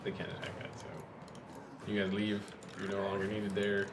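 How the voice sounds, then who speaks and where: A man's voice: on the low side, completely flat delivery, normal speed. Wry man chatting over a game. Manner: wry, chatty, laughs easily. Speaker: let's play host. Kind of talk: casual gameplay chat. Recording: echoey room with noise.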